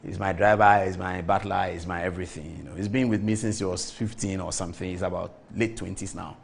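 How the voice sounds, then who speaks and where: A man in his forties with a Ghanaian accent, telling an animated story on a TV talk show and mimicking the people he quotes. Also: low-pitched, a little fast, vocal fry, slight background noise. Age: 40s.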